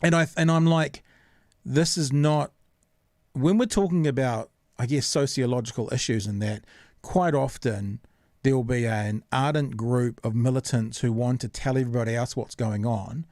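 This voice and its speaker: A man's voice: medium pitch, normal speed, a little mellow, dry recording, studio quality. A man hosting a podcast in casual chat, earnest and reasoning things through with fillers and repeats. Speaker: podcast host.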